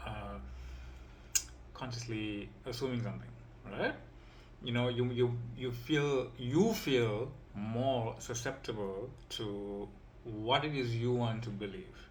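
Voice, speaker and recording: A man's voice: medium pitch, slight background noise. Man rambling through a coaching lesson. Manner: rambling, repeats himself, keeps checking in with "right?" and "you see"; chuckles now and then while explaining. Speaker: empowerment coach. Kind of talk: informal spoken teaching.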